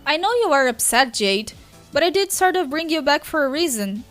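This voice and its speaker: Brief: a woman as a patient, soothing teen girl, fairly high voice. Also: animated, normal speed, faint music behind. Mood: coaxing. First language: Brazilian Portuguese. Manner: soothing, coaxing.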